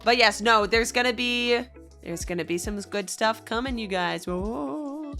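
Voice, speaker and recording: A woman's voice: fairly high pitch, fairly even intonation, normal speed, bright, forceful tone, soft background music. A young Australian woman streaming, chatting casually and giggly with her viewers. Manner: bubbly, giggly, chats with viewers. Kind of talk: casual livestream chat.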